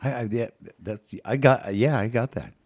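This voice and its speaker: Interviewer man, middle pitch, short prompts and quick agreements. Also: a little mellow.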